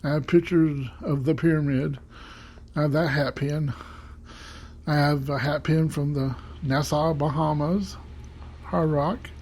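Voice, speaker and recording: A man's voice: fairly high pitch, steady tone, measured pace, long pauses, a little mellow, breathy edge. A man hosting his own show in a rambling, casual monologue full of fillers, on a home desk microphone. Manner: rambling, many fillers and restarts. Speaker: podcast host.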